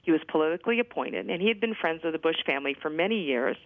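Gravelly-voiced woman telling stories down a phone line. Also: deep voice, very fast, no room sound. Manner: lively anecdotal storytelling with fillers. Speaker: guest, former White House physician. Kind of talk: storytelling in a radio interview. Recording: phone-line radio interview, dry.

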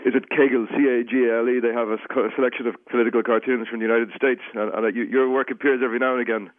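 A man's voice: mid-range voice, little pitch movement, very fast, no room sound. An Irish man, a political cartoonist guest on a radio call-in show, rambling and restarting his sentences as he talks. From Ireland. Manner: rambling, with many restarts and false starts. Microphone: telephone. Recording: tinny phone line, dry.

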